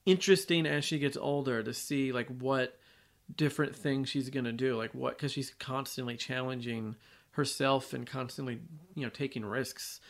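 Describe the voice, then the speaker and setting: A man's voice: medium pitch, fairly even intonation, normal speed. A man co-hosting a casual film podcast, easygoing, laughing often and leaning on "like". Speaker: podcast co-host.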